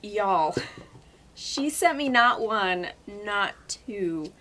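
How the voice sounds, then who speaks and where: A young woman beauty vlogger chatting to camera in a gushing, excitable and emotional way. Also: medium pitch, drawn-out words, a little hiss or hum. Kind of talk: casual chat to camera.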